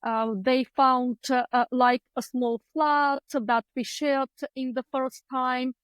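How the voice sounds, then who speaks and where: A woman's voice: high voice, flat delivery, slow, clean tone, no room sound, low-quality recording. A woman with a Bulgarian accent, not a native English speaker, telling her story as a guest with earnest, heartfelt hesitations. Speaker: guest, clinical psychologist. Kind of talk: candid personal storytelling.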